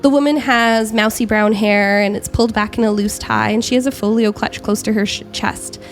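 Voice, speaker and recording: A woman narrating as game master of a tabletop game, describing scenes with frequent pauses and self-corrections. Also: fairly high pitch, fairly even intonation, soft background music.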